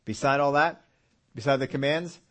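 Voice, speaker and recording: A man preaching a midweek sermon, reading scripture aloud and slowing down to stress words. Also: medium pitch. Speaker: pastor.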